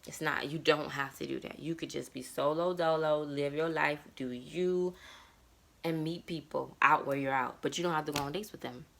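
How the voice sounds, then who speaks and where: A woman in her thirties speaks in a personal vlog, reflective and emotionally open. Her voice sits very low, with plenty of vocal fry. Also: steady tone, moderate pace. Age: 30s. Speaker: vlogger. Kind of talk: candid personal monologue.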